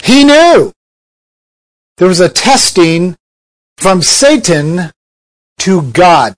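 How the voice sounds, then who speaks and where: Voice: mid-range voice, lively intonation, takes it slowly, rough recording. A preacher giving a sermon in a conversational way, asking many rhetorical questions.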